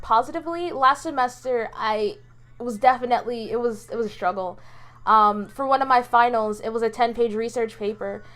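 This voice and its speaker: A young college woman chats casually about her day in a vlog. Her voice sits fairly high, and she rambles along with frequent ums and restarts. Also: a bit bright. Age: about 20, college student. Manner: rambling, with many ums, restarts and small laughs. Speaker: vlogger.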